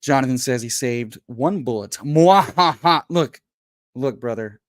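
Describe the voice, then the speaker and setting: A man hosting a casual livestream from home, hyped and folksy, who keeps calling people brother and bursts into loud pep talks. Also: medium pitch, measured pace, no room sound, studio quality. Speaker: host.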